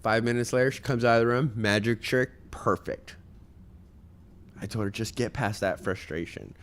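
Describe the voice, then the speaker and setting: A man's voice: mid-range voice, normal speed, slight background noise. A man who is a guest on a casual podcast, giving motivational parenting advice and telling family stories in an earnest, direct way. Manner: tells stories and acts out other people's voices.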